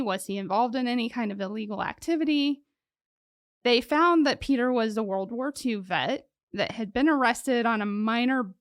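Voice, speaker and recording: A woman's voice: a little high, fairly bright tone, no echo, studio quality. A woman co-hosting a podcast, telling a true-crime case in a casual, joking way with many fillers. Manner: joking, chatty, lots of "like" fillers.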